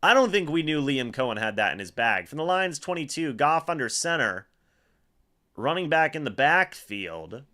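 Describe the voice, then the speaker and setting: A young man hosting a live fan watch-along, giving play-by-play and reacting excitedly, often repeating himself. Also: fairly high pitch, moderate pace. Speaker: fan livestream host calling a football game.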